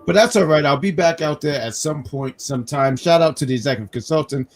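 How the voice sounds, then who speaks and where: A man from New York hosting a casual live wrestling review stream, telling animated stories with self-mocking jokes. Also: fairly high pitch, fast, soft background music. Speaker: podcast host.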